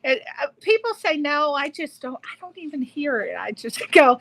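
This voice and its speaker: A woman's voice: high-pitched, very animated, normal speed, hardly any pauses, fairly bright tone, dry recording. A woman hosting an interview show, chatty and enthusiastic, asking loose, rambling questions. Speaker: host. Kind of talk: casual interview chat.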